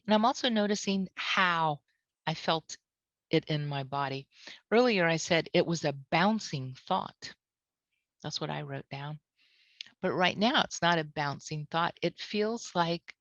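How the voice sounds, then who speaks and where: Woman, tapping trainer, calm guided lesson, slow repeated phrases, low pitch, dry muffled audio. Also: vocal fry, no echo. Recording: dull lo-fi audio.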